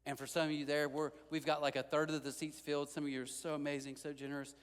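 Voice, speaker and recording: A man's voice: on the high side, fast talker, clean tone, big-room sound. A male pastor preaching a sermon, telling stories and acting out the lines of the people in them. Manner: animated storytelling, acting out quotes. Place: large church hall.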